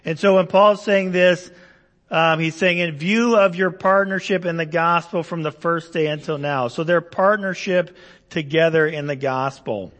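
A man's voice: fairly high pitch, moderate pace, a bit bright, big-room sound. A man preaching a Bible-teaching sermon, explaining verses conversationally with asides and rhetorical questions. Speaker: pastor.

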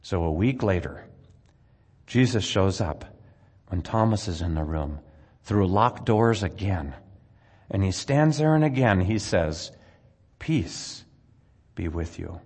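A man preaching a sermon, earnestly retelling scripture with dramatic rises and drops in loudness. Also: sits low, expressive, unhurried, long pauses, breathy edge. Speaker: pastor. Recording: long hall reverb.

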